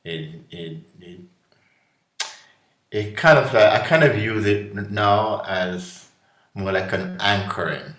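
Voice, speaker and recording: A man from Jamaica with a Jamaican accent, a guest musician giving an animated, preachy inspirational talk. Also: fairly low pitch, takes it slowly, pauses often, reverberant. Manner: preachy, animated, acts out voices.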